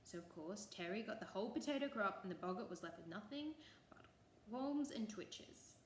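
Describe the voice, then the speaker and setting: A woman's voice: mid-range voice, lively intonation, moderate pace, a little hiss or hum. Woman telling a folk tale. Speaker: storyteller. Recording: echoey room, faint ambience.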